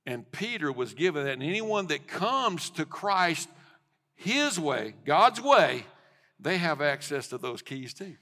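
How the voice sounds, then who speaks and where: Middle-aged male pastor, fervent sermon delivery, high voice, echoing sanctuary. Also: animated, unhurried. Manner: passionate preaching, swells to shouting. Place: church sanctuary. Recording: long church hall reverb.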